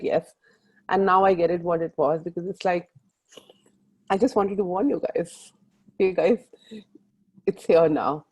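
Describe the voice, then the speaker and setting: Indian english lady coach on a group call, warm mellow voice, rambly and earnest. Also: fairly low pitch, lo-fi sound. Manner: earnest, rambling, urging listeners directly. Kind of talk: motivational group call talk.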